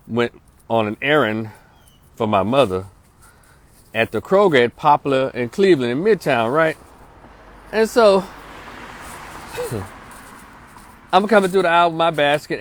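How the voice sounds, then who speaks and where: Pitched on the high side with no echo, this slangy middle-aged social worker and vlogger from North Memphis, Tennessee, delivers a casual storytelling monologue that drifts into preaching. His manner is streetwise, and he keeps seeking the listeners' agreement.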